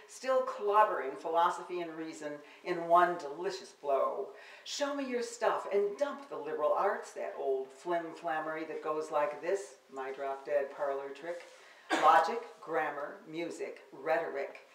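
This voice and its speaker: Low-voiced older woman reading poetry, roomy. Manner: wry, theatrical delivery of verse. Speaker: poet giving a reading. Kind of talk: public poetry reading with spoken asides. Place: bookstore reading room. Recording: roomy, distant live-event recording.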